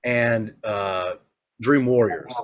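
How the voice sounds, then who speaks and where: A man's voice: lowish voice, drawn-out words. A man co-hosting a podcast, a father telling profane stories in casual chat and acting out the quotes. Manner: animated, profane storytelling with acted-out quotes. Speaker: podcast co-host.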